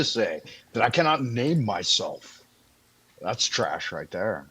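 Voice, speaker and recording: A man on an online panel call, animated and swearing often in casual chat. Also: on the low side, takes it slowly, husky. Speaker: panel guest. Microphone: video call.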